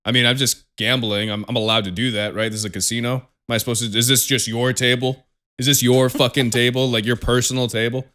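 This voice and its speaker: A man's voice: medium pitch, level tone, fast talker, pushed and bright. Young man ranting profanely. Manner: profane, ranting, laughs often. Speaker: podcast co-host. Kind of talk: casual chat.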